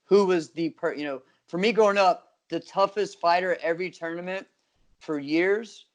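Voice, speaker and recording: A man's voice: high voice, normal speed. A middle-aged man co-hosting a martial arts podcast, talking in an easygoing, nostalgic way. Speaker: podcast co-host. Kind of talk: casual chat.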